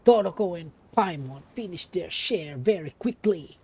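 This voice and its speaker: A woman's voice: on the low side, animated, normal speed, warm tone, slightly rough. A young woman streamer reading a story aloud with playful, self-mocking asides.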